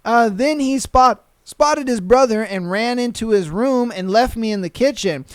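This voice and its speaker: A man hosting a podcast, reading out listener stories and cracking up at them. His voice is smooth and clear, recorded close and dry with no room sound. He talks in loose, profane slang and keeps slipping into quick impressions of the people in the stories. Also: very high-pitched, no room sound. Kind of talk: casual podcast commentary.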